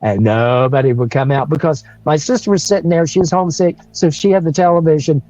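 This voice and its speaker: A man's voice: fairly high pitch, brisk, mellow, dry recording, muffled recording. A man, telling a story on a livestream in a rambling way, with restarts and chuckles. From North Carolina. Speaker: guest storyteller.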